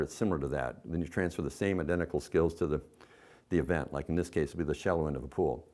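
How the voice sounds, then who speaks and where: A middle-aged man with a low voice coaches parents on teaching infants to swim. His talk is lively and folksy, rising and falling freely as he explains each step. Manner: folksy, coaching, acts out a parent's sing-song counting. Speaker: swim instructor. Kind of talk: instructional video talk.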